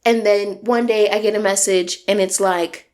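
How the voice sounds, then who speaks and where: Animated woman venting a storytime. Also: mid-range voice, moderate pace. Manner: animated, emphatic, profane venting. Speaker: vlogger. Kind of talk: storytime vlog.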